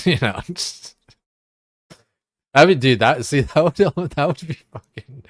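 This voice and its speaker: A man's voice: fairly high pitch, animated, takes it slowly, long pauses, breathy edge, dry recording, clean studio sound. A young man streaming, chatting casually in a rambling, profane way, full of fillers. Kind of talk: casual chat.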